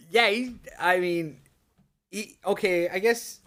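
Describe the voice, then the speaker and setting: A young man co-hosting a podcast, telling a story in casual chat, animated and swearing often, acting out his screams. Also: high-pitched. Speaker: podcast co-host.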